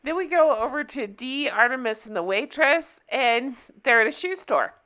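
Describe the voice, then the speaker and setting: A woman's voice: sits high, animated, normal speed, sharp tone. A woman recapping a TV episode in a casual chat, often breaking up laughing. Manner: giggly, keeps breaking into laughter. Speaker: recap vlogger.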